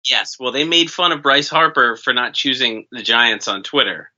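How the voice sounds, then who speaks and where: A man's voice: medium pitch, animated, moderate pace, bright, forceful tone, dull audio. A man co-hosting a comedy podcast, sardonic and crude in casual banter. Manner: crude, sardonic, doing mock voices. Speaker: podcast co-host.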